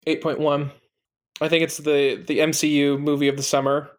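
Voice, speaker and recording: A man's voice: on the high side, little pitch movement, normal speed. A man in a casual movie chat, talking easily and teasing with mock indignation.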